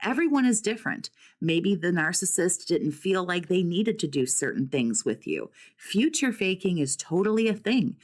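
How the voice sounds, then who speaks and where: A woman with a slightly low voice talks straight at her listener like a no-nonsense recovery coach. She swears freely and stacks up pointed rhetorical questions. She keeps calling her listener "survivor.". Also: big pitch swings, moderate pace, few pauses. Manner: blunt, profane, full of rhetorical questions. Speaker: narcissistic abuse recovery coach. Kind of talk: direct-to-camera talk.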